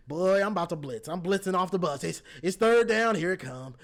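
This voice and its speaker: A man voicing an eager male football coach who can't wait to blitz, hushed and stammering with excitement. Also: high voice, moderate pace. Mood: giddy.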